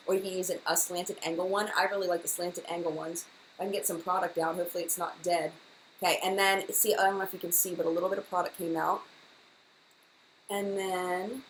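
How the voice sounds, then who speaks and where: A woman's voice: mid-range voice, slight background noise, rough recording. A woman hosting a casual live-stream makeup chat, gushing and enthusiastic, often repeating herself. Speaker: beauty vlogger, live chat host.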